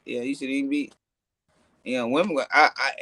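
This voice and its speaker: A man's voice: mid-range voice, steady tone, brisk, sharp tone, no echo, clean studio sound. A man in casual conversation, rambling and restarting, with coarse slang. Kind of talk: casual chat.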